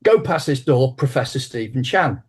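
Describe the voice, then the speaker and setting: A man in his sixties, an interview guest and martial arts teacher, telling an anecdote with lively restarts. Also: medium pitch, moderate pace, breathy edge. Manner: animated anecdotal storyteller with frequent restarts. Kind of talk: conversational interview storytelling.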